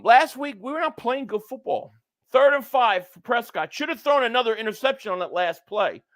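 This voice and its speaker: Stream host, male, sharp bright tone, dead dry mic, fan energy reading super chats. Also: very high-pitched, dry recording. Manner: reads viewer super chats, shouts at plays. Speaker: live stream host reacting to football. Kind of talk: live stream reaction and chat reading.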